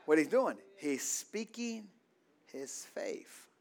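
Male pastor, high-pitched, preaching call-and-response and having the congregation finish his lines. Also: sing-song, slow pace, gravelly. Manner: asks the congregation to fill in words, repeats lines.

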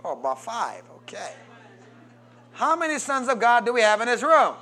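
High-pitched preacher calling and responding. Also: male voice, wildly swooping pitch, normal speed. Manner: call-and-response preaching, prompting the congregation to answer; swings between loud emphatic calls and low quiet asides. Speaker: pastor. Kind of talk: sermon.

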